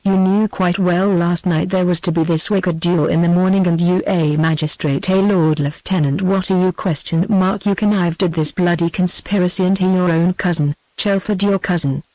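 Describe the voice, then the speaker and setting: A British-accented synthetic woman's voice reading the lines of a proud, passionate young gentlewoman in a cold, scornful way. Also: lowish voice, steady tone, normal speed, few pauses, no echo, natural voice, poor audio. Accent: British English.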